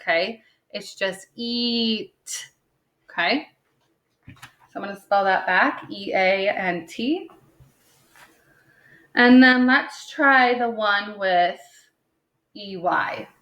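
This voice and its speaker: Woman, primary school teacher, unhurried, patient, checks in constantly, recorded in an echoey room. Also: medium pitch, a bit bright. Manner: patient, checks in with "okay?" after most points; sounds words out slowly, tapping syllables. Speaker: second grade teacher. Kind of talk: recorded phonics lesson for young children. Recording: roomy echo.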